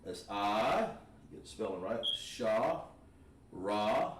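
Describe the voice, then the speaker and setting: A man's voice: lowish voice, very animated, distant mic, slight background noise. Patient male teacher in echoey room. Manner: patient, encouraging, repeats words slowly. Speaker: Hebrew language teacher. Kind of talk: classroom lesson at a board.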